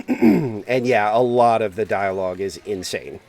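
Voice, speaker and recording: A man's voice: fairly low pitch, unhurried, darkish tone. A man streaming a game, chatting casually and rambling through stories with frequent laughs. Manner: rambling storyteller, laughs often, acts out quotes. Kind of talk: casual gaming stream chat.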